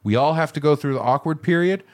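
A man co-hosting a podcast in casual chat, jokey and animated, often slipping into silly voices. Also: a little high, fast. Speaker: podcast co-host.

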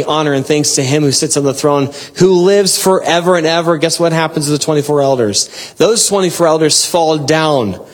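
A man preaches a devotional sermon and reads scripture in an earnest, exhorting way, breaking into bursts of excitement and soft laughs. His pitch is fairly high.

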